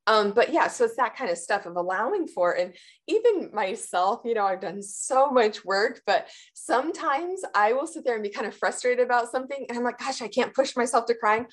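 Animated woman explaining her practice. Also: a little high, moderate pace. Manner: animated, acts out clients' voices, laughs often. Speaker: sports performance practitioner. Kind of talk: casual interview explanation.

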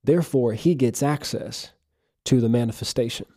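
A man delivering a sermon in an earnest, emphatic way, reading passages of scripture aloud between his own points. His voice is mellow and dark in tone, sitting at a middle pitch. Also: normal speed. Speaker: preacher.

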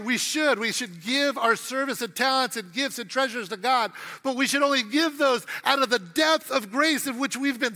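With an extremely high-pitched, pushed and bright voice, a middle-aged pastor delivers a funny sermon, performing the quotes in his stories. A long reverb tail trails his words.

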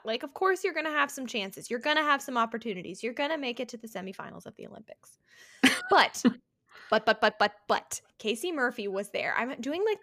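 A woman co-hosting a casual sports podcast, animated and laughing often. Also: a little high, no echo, clean studio sound. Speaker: podcast co-host.

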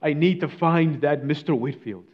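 A man preaching, voicing a remorseful man who cries out in anguish over his sins and begs to be forgiven, his voice raised higher and louder than his own. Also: normal speed, lo-fi sound, natural voice. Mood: anguished pleading. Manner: pleading, distraught. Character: anguished guilt-stricken man crying for forgiveness.

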